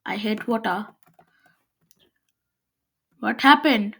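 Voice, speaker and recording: A woman's voice: a little high, slow pace, vocal fry, fairly bright tone, husky. A woman giving casual gameplay commentary, chatting to herself while she builds. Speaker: gameplay video maker.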